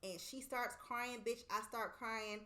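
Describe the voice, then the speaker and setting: Woman co-host, relaxed chatty storyteller who curses freely and acts out quotes, slightly high pitch. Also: slow pace. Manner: animated storytelling, swearing freely, acting out quotes. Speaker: podcast co-host. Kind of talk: casual chat.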